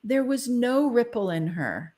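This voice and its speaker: A woman's voice: on the high side, big pitch swings, a little slow, a little mellow. A woman guest in a casual interview, speaking frankly and animatedly and laughing often. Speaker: guest, spiritual channeler.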